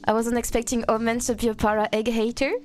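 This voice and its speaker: A woman's voice: fairly high pitch, flat delivery, fast, soft background music. A woman from France with a French accent, chatting playfully with her live-stream audience and answering chat.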